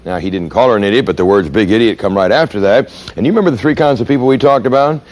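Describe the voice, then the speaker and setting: A man's voice: fairly low pitch, rapid-fire, a little mellow. A man giving a training lecture in an emphatic way, often putting questions to his audience.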